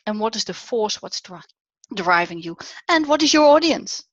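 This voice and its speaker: A middle-aged woman with a Dutch accent giving an online talk on public speaking, animated and dipping to near whispers for emphasis. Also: mid-range voice, moderate pace, no echo. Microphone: video call. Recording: dull, dry online audio.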